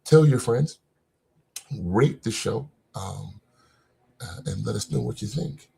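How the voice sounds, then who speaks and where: A man's voice: on the low side, expressive, slow pace, gravelly, dark tone. A man co-hosting a podcast, casual chat, joking and laughing often. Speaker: podcast co-host.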